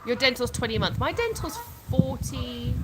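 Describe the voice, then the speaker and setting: A woman's voice: on the high side, expressive, moderate pace. A woman, hosting a casual livestream at home and chatting through viewer comments as she reads them out. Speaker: livestream host. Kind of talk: casual live chat. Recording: clear background noise with clicks.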